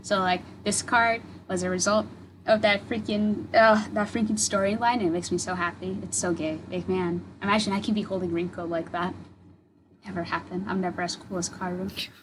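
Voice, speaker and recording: A woman's voice: mid-range voice, steady tone, moderate pace, a little hiss or hum, poor audio. A young woman co-hosting a podcast, gushing in a rambling casual chat full of fillers. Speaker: podcast co-host.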